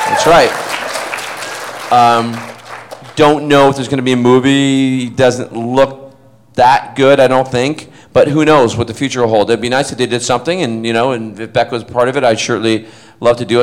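A man, an actor, telling rambling anecdotes in a casual interview, full of fillers. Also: medium pitch. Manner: rambling, chatty, many fillers.

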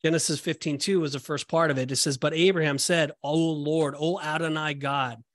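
A man's voice: fairly high pitch, steady tone, brisk, no room sound. A man co-hosting a podcast, explaining Bible passages in a casual way and often restarting his phrases. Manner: explanatory, repeats and restarts phrases, reads verses aloud. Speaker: podcast co-host. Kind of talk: casual Bible study discussion.

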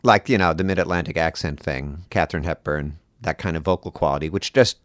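A man in casual conversation about acting and accents, animated and quick to laugh. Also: extremely low pitch, no echo. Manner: animated, laughs often, mimics voices in passing. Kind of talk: casual chat.

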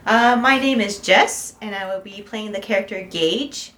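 A woman's voice: mid-range voice, normal speed, a bit bright, echoey room. A woman player introducing her game character, hesitant with many ums.

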